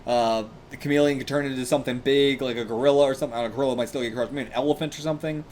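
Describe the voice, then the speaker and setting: A young man reading a manga aloud and reacting casually, excitable and laughing, with bursts of swearing. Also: medium pitch, racing, a little hiss or hum. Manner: excitable, swears, laughs, puts on brief character lines.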